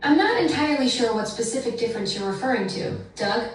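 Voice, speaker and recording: Synthetic female assistant voice, slightly high, fast and courteous, heard faintly across a boomy room. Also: animated, soft background music. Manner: quick, polite clarifying questions. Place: played from a phone speaker in a room. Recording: distant, very echoey room playback.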